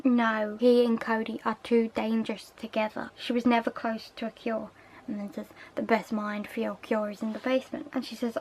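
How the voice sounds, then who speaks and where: A woman's voice: on the high side, slight background noise, rough recording. A young woman, casually recapping a TV episode with chatty asides. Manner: chatty, recounts scenes with quoted lines and asides. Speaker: TV episode reviewer.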